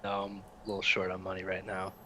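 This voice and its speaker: A man playing in a tabletop game, speaking low-key in character. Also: completely flat delivery, quick pace, bright, forceful tone. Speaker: player. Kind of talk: casual chat.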